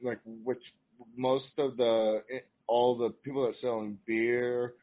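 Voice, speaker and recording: A man's voice: medium pitch, flat delivery, slow. A man, a guest in a casual chat, explaining things loosely with lots of fillers. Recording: tinny phone-like line.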